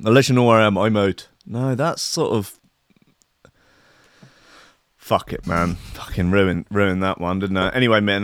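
A man hosts loose solo commentary, playful and full of swearing. His voice sits low. The sound is dry and close, with no room around it. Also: unhurried, long pauses, a bit bright, clear, resonant tone, dry recording. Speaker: host.

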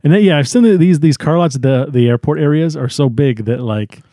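A man's voice: on the high side, mellow, no room sound, studio quality. A young man co-hosting a podcast, casually recapping a movie and acting out quotes from its scenes. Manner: retells scenes with quick put-on quotes and laughs. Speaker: podcast co-host. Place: indoor studio, wearing a tiny hat.

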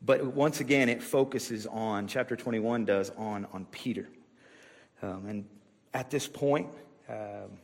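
A man's voice: lowish voice, measured pace, gravelly, in a large hall. A man preaching a sermon to his church in a loose, conversational way, with frequent fillers and restarts. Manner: casual, rambling with many fillers and restarts. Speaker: pastor. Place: church sanctuary.

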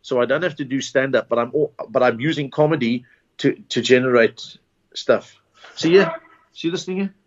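Rambling South African comedian. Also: male voice, medium pitch, moderate pace. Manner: rambling anecdotes with false starts and laughs. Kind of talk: casual interview storytelling. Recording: dull lo-fi recording.

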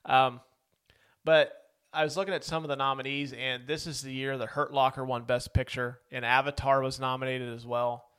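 A man's voice: mid-range voice, flat delivery, normal speed, fairly bright tone, smooth. A man co-hosting a podcast, chatting casually about a film, talkative and prone to going off on tangents. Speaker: podcast co-host. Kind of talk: casual movie-review chat.

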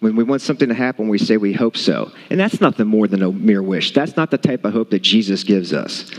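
A man's voice: lowish voice, expressive, fairly quick. A man preaching a sermon to a congregation, emphatic and repeating his key points. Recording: long hall reverb.

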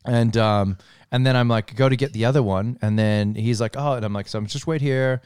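Aussie guy middle aged, animated storyteller, swears a lot, dry close sound. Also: medium pitch, brisk, clean tone, no echo. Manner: animated storyteller, swears freely, laughs while telling. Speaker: podcast co-host telling a story. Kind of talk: casual chat.

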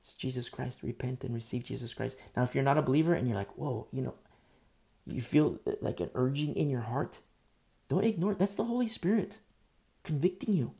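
A man preaching an earnest, animated sermon, speaking through a sore throat. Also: medium pitch, brisk, creaky. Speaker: pastor.

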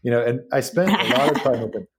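A man's voice: mid-range voice, animated, fast talker, slightly rough. A man, talking casually as a guest about beef, telling stories with many fillers and restarts. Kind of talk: casual podcast conversation.

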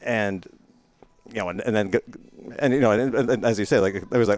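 A middle-aged man with a lowish voice tells stories as an interview guest. He rambles in a relaxed way, full of fillers and restarts, and laughs easily at himself. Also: fairly quick. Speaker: guest, retired racing driver. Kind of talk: casual storytelling interview.

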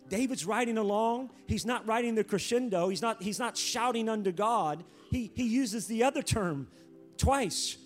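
High-voiced guy preaching, punchy and repetitive, soft music under him. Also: lively intonation, moderate pace. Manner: emphatic, repeats phrases, rising to near-shouts. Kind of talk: sermon.

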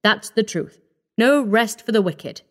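A woman voicing a cold, scheming young male doctor in a storybook reading, speaking calmly and firmly. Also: fairly high pitch, unhurried. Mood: coaxing. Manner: calm, coaxing, firm.

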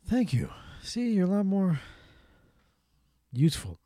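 A man's voice: high voice, huge pitch swings, measured pace, mellow, no echo, studio quality. A man hosting his own show, talking casually and at length about work, rambling, correcting himself and giving blunt opinions. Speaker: podcast host. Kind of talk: casual solo talk.

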